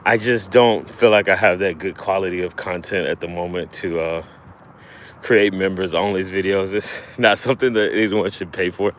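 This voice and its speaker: Low-voiced man chatting outdoors, halting. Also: a little hiss or hum. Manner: relaxed, halting, lots of fillers and restarts. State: a little out of breath. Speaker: livestream host. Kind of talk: casual livestream chat. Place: outdoors by the water while fishing.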